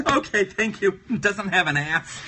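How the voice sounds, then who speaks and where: A man's voice: high-pitched, pushed and bright, a little hiss or hum. A man hosting a casual live stream, drawing while he chats with viewers in a playful, giggly way. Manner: playful, giggly, talks to viewers and repeats catchphrases. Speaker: livestream host.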